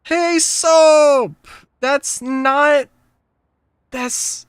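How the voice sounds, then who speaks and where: Slow, smooth-voiced gameplay streamer. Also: medium pitch, big pitch swings, fairly bright tone, dry recording, studio quality. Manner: joking, swears, trails off mid-sentence. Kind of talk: live gameplay commentary, reading game dialogue aloud.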